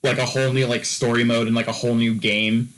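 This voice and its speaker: A man talking in loose, casual chat on a podcast. He rambles, stacks up fillers and restarts his sentences over and over. His voice sits at an ordinary pitch. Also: flat delivery, fast talker, a bit bright, rough recording. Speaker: podcast co-host.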